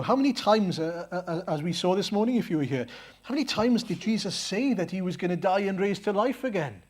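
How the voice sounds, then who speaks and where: A man preaches in a church, his voice sitting a little higher than most men's. He speaks earnestly, poses rhetorical questions, and often stumbles over fillers and repeated words as he works through his points. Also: lively intonation, fairly quick. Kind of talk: sermon.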